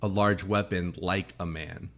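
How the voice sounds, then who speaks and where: A man's voice: low voice, fairly even intonation, unhurried, a bit bright. An American man hosting a podcast, chatting crudely and joking with frequent laughs. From United States. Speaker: podcast host. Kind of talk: casual chat.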